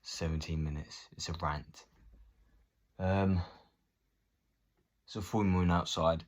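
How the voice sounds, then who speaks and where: A man's voice: deep voice, fairly even intonation, slow pace. A man in his thirties ranting casually to camera, swearing and acting out both sides of conversations. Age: 30s. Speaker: vlogger.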